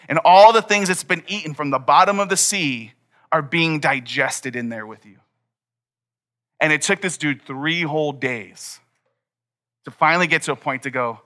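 Young male pastor, bright and a touch high, casual sermon delivery. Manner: casual, conversational preaching with many "like"s. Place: church hall before a congregation.

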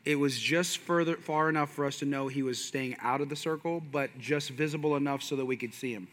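A man's voice: medium pitch, a little fast, fairly bright tone. A man in his thirties preaching a sermon with passion and energy, mixing in folksy asides. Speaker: pastor.

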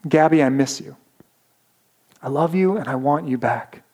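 A man voicing a devoted husband pleading softly with his wife in a sermon story. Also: a little high, moderate pace, slightly rough. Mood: tender.

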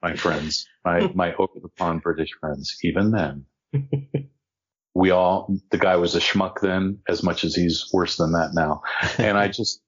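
A man tells a casual anecdote from his acting days, his speaking voice sitting on the lower side. He slips into the other people's voices as he quotes them. The recording sounds dull and lo-fi. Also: a little slow, breathy edge. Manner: animated, acts out quotes of others. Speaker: actor telling a story. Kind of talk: casual storytelling.

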